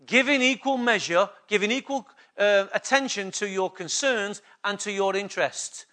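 Bright, high-voiced preaching man. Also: moderate pace. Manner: emphatic preaching with repeated call-and-response questions. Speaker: pastor. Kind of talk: sermon.

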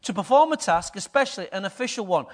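High-voiced pastor preaching. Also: male voice, animated, fast talker. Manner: conversational preaching, asks the congregation questions. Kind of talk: sermon.

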